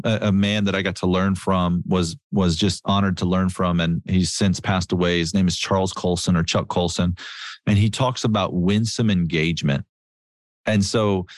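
Earnest low-voiced preacher man. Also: no echo, clean studio sound. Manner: earnest, repeats key words for emphasis. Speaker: Christian speaker. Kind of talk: conversational preaching with storytelling.

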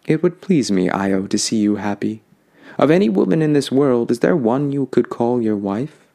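A man's voice: mid-range voice, lively intonation, normal speed, creaky, dark tone. A man voicing a proud, stubborn old grandmother who speaks in a commanding, insistent way. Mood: coaxing.

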